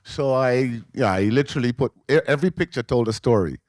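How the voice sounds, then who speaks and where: A man in his sixties, a memoir author telling a personal family story at a live book talk, animated and emotional, acting out the people in it. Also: mid-range voice, a little fast, no echo. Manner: emotional, animated storyteller who acts out voices. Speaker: memoir author on a festival panel. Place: live event in a library venue.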